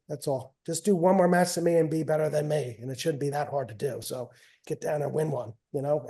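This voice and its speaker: A middle-aged man with a fairly high, mellow voice. He tells stories casually as a guest, rambling, repeating phrases and trailing off at the ends of thoughts. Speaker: guest, wrestling coach and father. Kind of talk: casual storytelling.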